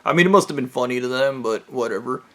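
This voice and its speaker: A man's voice: mid-range voice, fast, fairly bright tone. A man telling a rambling story from his own life in a casual, profane way, with plenty of fillers. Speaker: vlogger.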